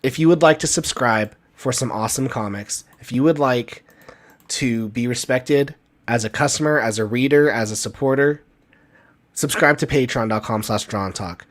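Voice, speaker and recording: A man hosts his live stream, ranting and repeating himself as he pitches his comics. His voice sits at an ordinary middle pitch. He sounds worn down and a little sick. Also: moderate pace. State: sick, tired. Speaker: comic artist and channel host.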